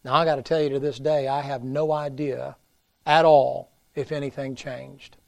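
A middle-aged man preaching a revival sermon, folksy and storytelling, swinging from loud to hushed. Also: mid-range voice, level tone, normal speed, vocal fry. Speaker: pastor.

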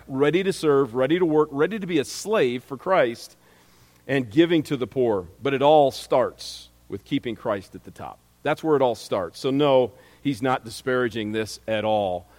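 Guy preaching a sermon, mid pitch, chatty style, lots of restarts, big hall echo. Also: a little mellow. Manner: conversational preaching, reads scripture aloud, frequent restarts.

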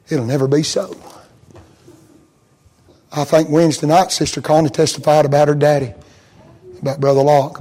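High-pitched preacher. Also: male voice, poor audio. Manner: swings from soft intimate tones to high chanted preaching. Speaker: pastor. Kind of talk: sermon.

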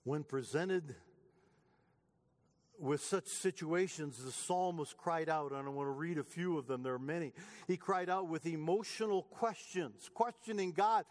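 Man, pastor, emphatic sermon delivery, high voice, church hall reverb. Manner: emphatic, rising passion when quoting psalms.

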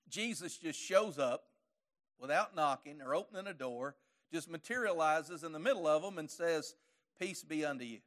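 A high-pitched man preaching a sermon. He tells the story in a homespun, folksy way, with his voice surging up loud and then sinking back low. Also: lively intonation, normal speed. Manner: folksy storytelling, voice rising to forceful peaks and dropping low.

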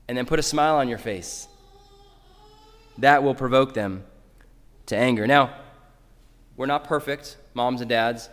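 A man's voice: medium pitch, a little slow, pauses often, fairly bright tone, in a large hall. A man preaching a sermon in a church, earnestly addressing parents directly. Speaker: pastor.

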